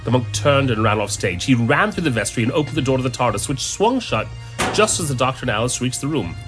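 A man narrating a story in an expressive reading voice. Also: medium pitch, fast. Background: background music.

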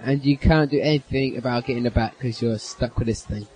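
A man's voice: mid-range voice, fairly even intonation, fairly quick, a little mellow, slight background noise, lightly acted, rough recording. A man playing a young, streetwise man who talks bluntly and eagerly. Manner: blunt, streetwise, short replies. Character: young male street kid, cocky but eager.

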